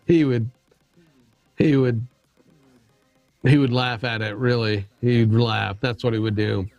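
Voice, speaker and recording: A middle-aged man hosts a relaxed livestream, talking slowly and wandering from thought to thought. He pokes fun at himself and often restarts his sentences. His voice sounds dry and close, with faint music underneath. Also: medium pitch, no room sound, muffled recording. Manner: rambling, self-deprecating, many restarts. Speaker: livestream host. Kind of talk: casual livestream chat.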